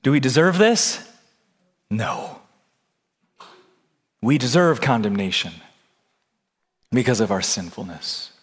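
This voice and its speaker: A man preaching a sermon in a slow, deliberate way, building to impassioned, near-shouted passages. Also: mid-range voice, sing-song, in a large hall. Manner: slow, deliberate delivery with long pauses. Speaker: pastor.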